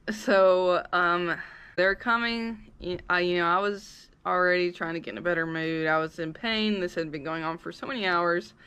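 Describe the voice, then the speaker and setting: A young woman casually telling her birth story as a vlogger, animated and acting out her own yells and quotes. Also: lowish voice, a little hiss or hum.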